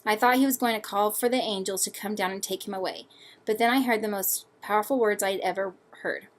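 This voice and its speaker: A young woman and student reading her personal essay aloud in an earnest, measured way. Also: mid-range voice.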